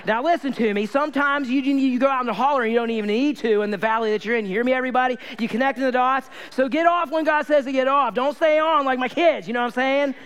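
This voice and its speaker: Guy preaching, kinda high voice, super clear, animated and repeats stuff. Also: quick pace, hardly any pauses. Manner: animated storytelling, repeats phrases for emphasis. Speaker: pastor. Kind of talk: sermon.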